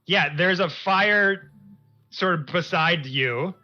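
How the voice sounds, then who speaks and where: A man narrating a tabletop game as game master, in animated, rambling descriptions. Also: sits high, slow. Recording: muffled stream audio with music.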